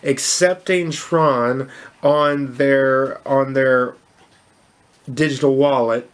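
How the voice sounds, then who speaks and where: Man, crypto vlog host, unscripted commentary, rambling restarts, enthusiastic, mid-pitched voice. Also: fairly even intonation, extremely slow, smooth. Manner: rambling, with many restarts and fillers; upbeat and enthusiastic.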